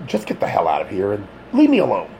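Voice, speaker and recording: A man's voice: lowish voice, wildly swooping pitch, quick pace, vocal fry, dark tone, slight background noise, full character voice, low-quality recording. A man narrating an audiobook plays a blunt, insistent male police detective. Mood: cold. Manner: blunt, controlled.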